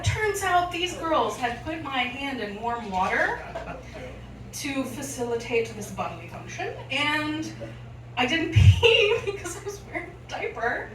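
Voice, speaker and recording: A young adult woman telling a funny story live on a club stage, animated and often laughing as she acts out voices. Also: sits high, a little slow, a little hiss or hum. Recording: echoey room, from far off, audible ambience.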